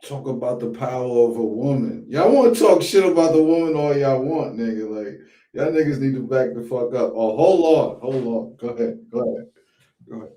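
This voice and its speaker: A man's voice: medium pitch, expressive, moderate pace, dark tone, reverberant. A man hosting a podcast, giving blunt, profane, emphatic commentary in a casual way. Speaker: podcast host.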